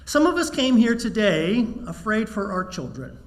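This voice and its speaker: A man preaching a sermon to his congregation, measured and wry, telling a joke before turning serious. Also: sits high, very animated. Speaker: minister.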